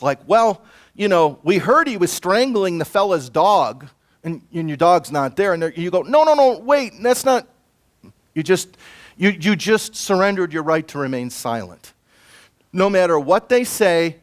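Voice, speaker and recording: Man, middle-aged, conference presentation, self-defense instructor, lively conversational lecturing, fairly high voice. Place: conference room.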